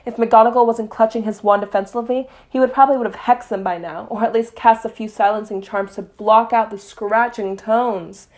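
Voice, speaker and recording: A young woman casually reading a story aloud in soft, quiet narration, with occasional slips. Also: a little high, fairly even intonation, a little fast, hardly any pauses. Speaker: fanfiction reader.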